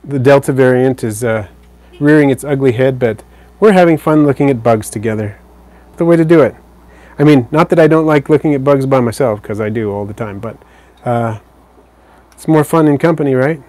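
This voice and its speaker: A man hosting a live stream, casually answering viewer comments in a relaxed, rambling way. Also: medium pitch, normal speed, no echo. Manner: relaxed, rambling, with fillers and self-corrections.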